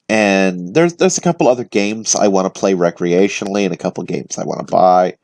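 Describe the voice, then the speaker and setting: A man's voice: fairly low pitch, moderate pace, a little mellow, dry recording. A young man hosting his own weekly vlog, chatting in a loose, rambling way with lots of fillers and restarts. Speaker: vlog host. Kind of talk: casual rambling chat.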